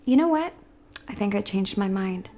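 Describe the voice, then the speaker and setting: A woman's voice: mid-range voice, animated, moderate pace, dark tone, a little hiss or hum, natural voice. An actress playing a frustrated, sarcastic mother in a film drama. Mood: arguing. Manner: defensive, clipped and sarcastic. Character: frustrated middle-aged mother named Erin. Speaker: actor. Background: film score music.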